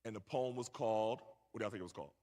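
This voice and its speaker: A middle-aged man with a fairly low, mellow voice races through a story for a young audience, bantering with the crowd as a guest speaker. The recording comes from a large, echoey church hall.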